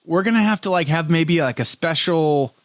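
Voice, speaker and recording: A man's voice: on the high side, moderate pace, dry recording, clean studio sound. A man hosting a talk show in casual chat. He jokes around, restarts his sentences often, and reads out viewer comments. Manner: lively, jokey, restarts often. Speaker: host.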